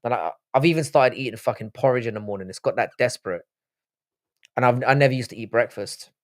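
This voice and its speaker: A man in his thirties hosts a casual livestream, speaking fast at a medium pitch. He sounds worn out and tired but stays chatty, swearing freely and rambling as he keeps restarting his sentences.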